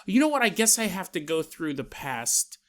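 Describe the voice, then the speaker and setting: A man's voice: high-pitched, sing-song, normal speed. A man hosting a podcast, rambling and joking as he spins a story, often laughing. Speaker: podcast host.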